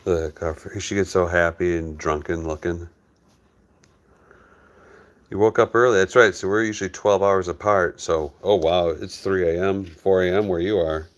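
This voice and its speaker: Brief: very low-voiced male host, relaxed live-stream chat, dotes on his pets between comments. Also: normal speed, hardly any pauses. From United States. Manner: talks fondly to his dogs while reading viewer comments. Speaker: farm hospice channel host.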